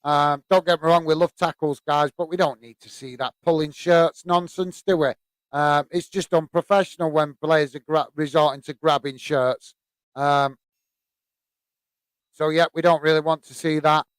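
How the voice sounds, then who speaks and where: A British man hosting a live football watch-along, chatting in a friendly, halting way with many fillers while reading viewer messages. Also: fairly high pitch, fairly even intonation, smooth, no room sound.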